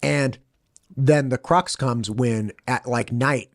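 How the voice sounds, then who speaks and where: A man hosting a podcast, casually retelling a film in an animated way and acting out the quotes. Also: mid-range voice, no echo, studio quality. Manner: retells a film scene with quick acted quotes. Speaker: podcast host. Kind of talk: casual chat, animated storytelling. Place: studio.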